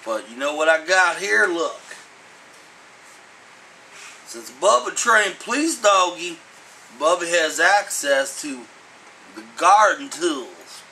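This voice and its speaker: A man's voice: on the high side, bright, forceful tone, slight background noise, exaggerated voice, low-quality recording. A man playing Bubba, a dim-witted jailed man who talks about himself in the third person.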